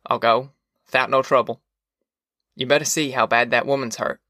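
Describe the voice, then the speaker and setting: A man voicing a calm, weary former preacher with a plain folksy drawl, in an audiobook. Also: mid-range voice, moderate pace, no room sound, studio quality.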